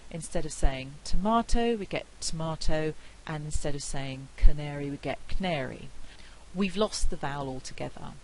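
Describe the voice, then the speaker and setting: A middle-aged woman with a British accent giving a university lecture, explaining clearly and saying example words aloud. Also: low voice, darkish tone, slight background noise, low-quality recording. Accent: British English. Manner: clear, measured explanation with spoken pronunciation examples. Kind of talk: recorded phonetics lecture.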